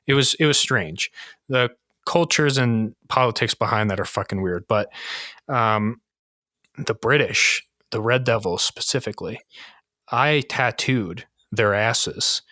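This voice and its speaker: A man in his thirties from the United States hosts a casual podcast, spinning profane and animated stories. His voice is bright and forceful, and the sound is dry and close with no room around it. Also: medium pitch, unhurried, no echo. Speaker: podcast host.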